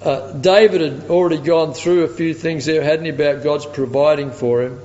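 A man's voice: on the high side, fairly even intonation, normal speed, a little mellow. A man preaching a sermon emphatically and chuckling as he tells a story. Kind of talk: sermon with anecdote. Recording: echoey hall, dull lo-fi sound.

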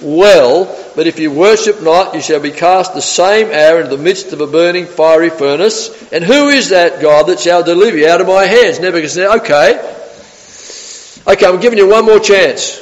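Aussie bloke preaching, bit high voice, lively, big hall echo. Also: male voice, normal speed. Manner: animated, acts out the story in character voices. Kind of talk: sermon. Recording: long reverb of a hall.

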